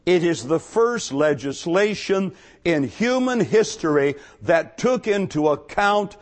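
A male Bible teacher with a fairly high voice, giving a careful expository sermon. He speaks slowly and deliberately and leans on each key word. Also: animated. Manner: slow, measured and deliberate, stressing key words. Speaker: preacher.

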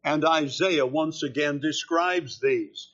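A man preaching an expository sermon, with slow, deliberate and emphatic phrasing. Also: a little high, a bit bright. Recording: dull lo-fi sermon recording.

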